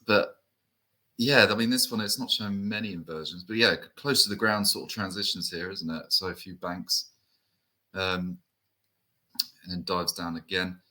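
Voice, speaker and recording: A man's voice: sits low, moderate pace, long pauses, sharp tone, rough recording. A man from the UK co-hosting a podcast, chatting casually with lots of fillers and tag questions. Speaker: co-host. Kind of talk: casual enthusiast chat.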